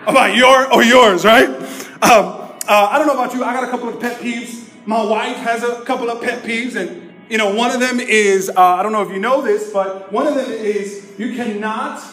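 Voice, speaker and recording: A man preaching to a congregation as pastor, lively and joking, calling out for the crowd to respond. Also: very high voice, moderate pace. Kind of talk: sermon with humorous stories. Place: church service. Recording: echoey room with music behind.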